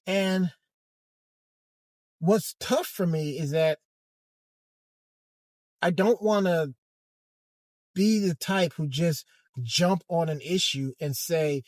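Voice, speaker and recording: A man with a fairly high voice talks through a casual monologue from the driver's seat, stopping and restarting his sentences as he searches for words. The sound is dry and close, with no room echo. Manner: hesitant, halting, many restarts and fillers. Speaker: vlogger. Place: in a car.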